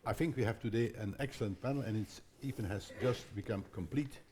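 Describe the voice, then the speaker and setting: An older man chairs a conference panel in a lowish voice, stopping often with fillers and restarts. A faint hiss of noise sits under his speech. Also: darkish tone. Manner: halting, many fillers and restarts. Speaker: panel moderator. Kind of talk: hesitant conference panel moderation.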